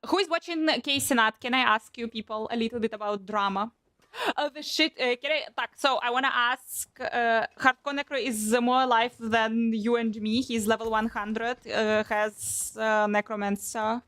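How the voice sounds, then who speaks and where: A young woman chatting casually on a live stream, animated and swearing often as she restarts her sentences. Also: fairly high pitch, normal speed, no echo, clean studio sound. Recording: faint background music.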